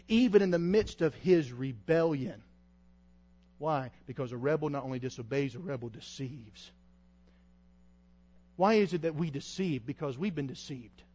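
High-voiced impassioned male preacher. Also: dull audio. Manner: impassioned, rising to shouts. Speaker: traveling evangelist preacher. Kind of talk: sermon.

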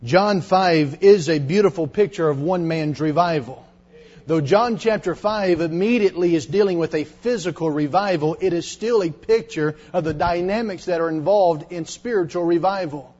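A middle-aged male preacher giving a dramatic sermon to teenagers, dropping to hushed tones when he retells confessions. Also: fairly high pitch, moderate pace. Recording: dull lo-fi sermon recording.

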